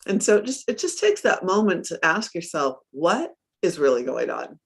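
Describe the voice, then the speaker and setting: A middle-aged woman coach in a casual interview, telling stories with lively acted-out quotes and frequent laughs. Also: lowish voice, normal speed, vocal fry, breathy edge. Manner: animated storyteller, acts out her own quotes, laughs often.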